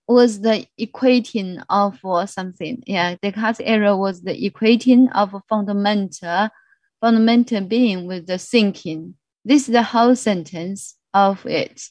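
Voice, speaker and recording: A woman with a Mandarin Chinese accent teaching an English vocabulary class online, speaking slowly and repeating each word. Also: medium pitch, darkish tone, no room sound. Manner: slow, repeats words, mixes in Mandarin explanations. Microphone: video call.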